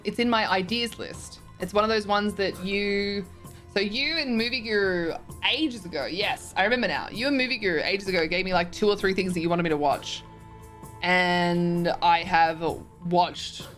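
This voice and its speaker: A woman's voice: on the low side, a bit bright. A young woman streamer chatting casually as she reads and answers viewer messages, often giggling.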